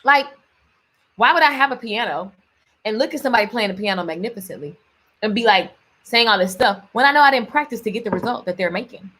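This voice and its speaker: A woman rants through an upbeat faith-based pep talk. Her voice sits high and swoops all over the place, bright and forceful, and she tosses in "baby" and "honey" as she goes. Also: expressive, fast. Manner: ranting, playful, calls listeners baby and honey. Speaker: faith-based lifestyle vlogger. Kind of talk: motivational faith talk to camera.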